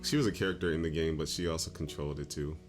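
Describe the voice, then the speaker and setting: A man's voice: a bass voice, fairly even intonation, very fast, over music. A man co-hosting a let's play, chatting casually and explaining the game. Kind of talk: casual gameplay chat.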